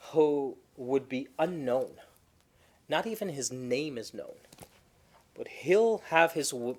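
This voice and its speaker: Man teaching a lively Quran class. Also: mid-range voice. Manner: animated storytelling, acting out quoted spouses; recites Arabic verses quickly.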